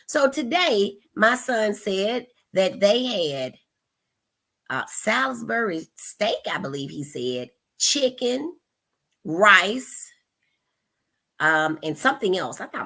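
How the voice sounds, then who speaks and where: A woman in her thirties, a mother hosting a parenting advice talk, speaking in an animated, expressive way and acting out the questions she quotes. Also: medium pitch, slow. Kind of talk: casual advice talk to camera.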